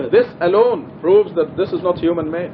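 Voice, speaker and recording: Earnest man teaching, slightly high voice. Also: lively intonation, measured pace, highs cut off, slight background noise. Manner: earnest, emphatic, repeats key points. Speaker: Quran study teacher. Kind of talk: religious study lecture. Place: mosque.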